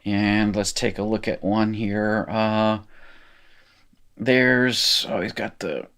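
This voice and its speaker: A man's voice: lowish voice, fairly even intonation, takes it slowly, fairly bright tone, clear, resonant tone. A middle-aged man teaching biblical Hebrew, working through exercises in a loose, self-correcting way while writing. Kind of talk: informal recorded lecture, working exercises.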